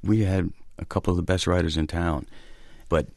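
A man with a very low voice answers interview questions as an actor guest, thoughtful and hesitant with frequent ums. The sound is dry and close. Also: fairly even intonation, normal speed, creaky, darkish tone, no echo. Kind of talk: interview talk.

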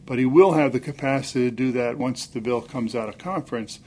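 A man's voice: mid-range voice, a little fast, a little mellow. An older man, a former senator, arguing his point with emphatic confidence.

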